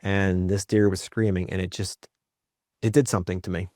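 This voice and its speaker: A man with a fairly low voice tells candid family stories as a podcast guest. He is reflective and often checks in with "right?" He brings quoted moments to life with a jump in energy, and the sound is dry and close. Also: moderate pace, dry recording. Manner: lively acted-out quotes in his stories. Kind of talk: candid storytelling in conversation.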